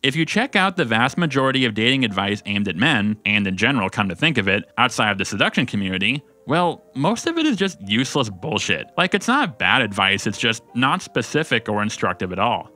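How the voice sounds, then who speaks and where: A man's voice: mid-range voice, very animated, fairly quick, hardly any pauses, pushed and bright. A man narrating a scripted commentary video with skits, sarcastic and blunt, swearing freely. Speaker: video essayist.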